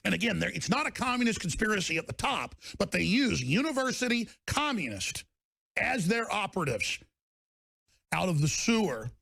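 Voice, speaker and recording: A high-pitched, gravelly man rants furiously, his voice cracking up into bellowing shouts. The recording is dry and close, with no room sound. He sounds like a fired-up political commentator. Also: very animated, normal speed, no echo. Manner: fiery, bellowing, swings into shouts. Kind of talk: angry ranting monologue.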